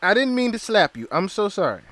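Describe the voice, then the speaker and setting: A man putting on a big male bodyguard who is sheepish and apologetic, speaking a little higher than his own voice. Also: very animated, fairly quick, fairly bright tone, no room sound.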